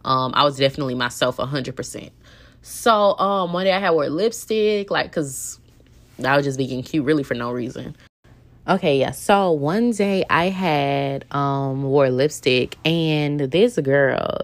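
A young woman hosting a podcast, telling a personal work story in a candid, indignant, chatty way with lots of fillers. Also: a bass voice. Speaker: podcast host. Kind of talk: casual storytelling monologue.

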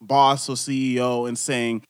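A man's voice: mid-range voice, a little slow, clear, resonant tone, no room sound, clean studio sound. A man co-hosting a podcast, explaining things in a casual but emphatic way. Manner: animated, explains facts with emphasis. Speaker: podcast co-host.

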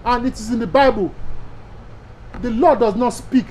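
A man's voice: very high voice, moderate pace, a little mellow, slight background noise, low-quality recording. A man from Nigeria with a Nigerian accent, a pastor giving an emphatic teaching sermon to other pastors, repeating key phrases and asking rhetorical questions.

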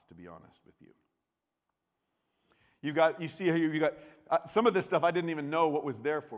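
Animated preacher in a reverberant hall. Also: male voice, mid-range voice. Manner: animated storytelling, acts out voices. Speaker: pastor. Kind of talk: sermon. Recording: long reverb of a large hall.

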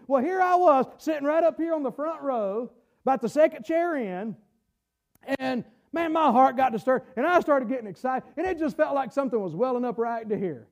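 Pastor guy, 40s, real high voice, fired up, lots of restarts and shouting. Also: expressive. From Southern United States. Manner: fervent, halting restarts, bursts of shouting. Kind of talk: sermon.

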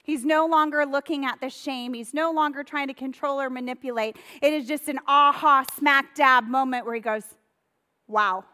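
A woman pastor delivering a sermon in a conversational, storytelling way, with lively retellings of Bible stories. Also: sits high, normal speed, hardly any pauses, long reverb tail.

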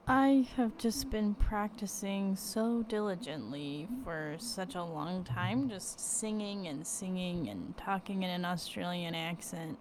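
A woman's voice: on the low side, slow, few pauses, darkish tone, slight background noise. A woman co-hosting an improvised comedy podcast as a park ranger, speaking in an overly earnest, formal way.

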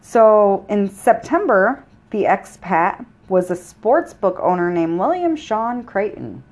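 A woman co-hosting a casual true-crime podcast, telling stories in a joking, animated way and swearing freely. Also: mid-range voice, takes it slowly. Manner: profane, joking, animated storytelling. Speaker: podcast co-host.

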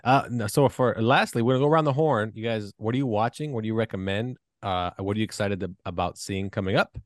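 A man's voice: fairly low pitch, quick pace, no echo, studio quality. A man hosting a podcast, chatting casually, blunt and joking as he leads the questions. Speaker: podcast host. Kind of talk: casual chat.

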